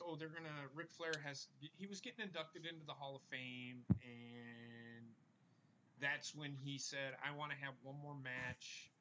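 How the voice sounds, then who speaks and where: A slightly high male voice comes through with the highs cut off and background noise. He hosts a casual wrestling podcast, speaking bluntly and rambling, with the odd curse word.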